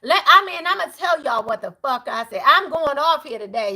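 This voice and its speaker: A middle-aged woman reads tarot live for her viewers, her voice high and bright. She preaches with animated swings, from loud outbursts down to hushed prayer, and talks casually and bluntly. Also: fairly quick. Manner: casual, outspoken, swears freely. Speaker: tarot reader.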